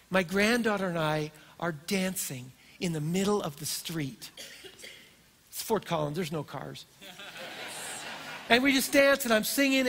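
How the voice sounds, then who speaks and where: An older pastor speaks from the stage of a church auditorium, telling stories with animated energy. His voice sits high for a man. It rings out with a long hall reverb. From Colorado, USA. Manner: storytelling, animated and warm-hearted. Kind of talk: sermon.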